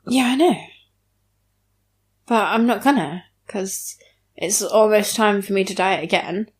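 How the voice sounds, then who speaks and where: A woman's voice: medium pitch, unhurried. A young woman talks casually as a podcast guest. She speaks frankly in a medium voice and makes fun of herself. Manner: frank, self-mocking, laughs often. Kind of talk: casual chat.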